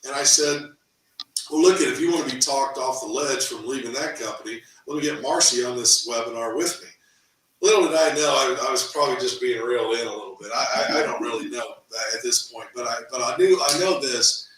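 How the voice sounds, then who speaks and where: A middle-aged man tells a story in a casual interview, lively, repeating words and acting out quotes. His voice is bright and forward. It is recorded in an echoey room from some way off the mic. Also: medium pitch, brisk, far from the mic, slight background noise. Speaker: real estate team owner, interview guest.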